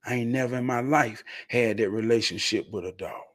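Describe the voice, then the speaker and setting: A man voicing a calm older male hunter and dog breeder, speaking low, quiet and measured. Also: close to an everyday voice.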